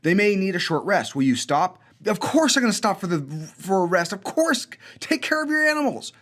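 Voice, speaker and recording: A young man hosting a coding school showcase, energetic and enthusiastic as he plays student games and pokes fun at himself. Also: sits high, brisk. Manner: energetic, enthusiastic, self-mocking. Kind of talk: upbeat video showcase, playing student games. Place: indoor studio with green screen.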